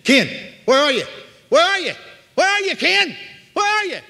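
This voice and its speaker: A man voicing a dying old woman who cries out in terror of hell, in high, strained wails. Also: big pitch swings, moderate pace, vocal fry, pushed and bright, full character voice. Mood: terrified pleading. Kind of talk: dramatized quote in a sermon. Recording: echoey hall.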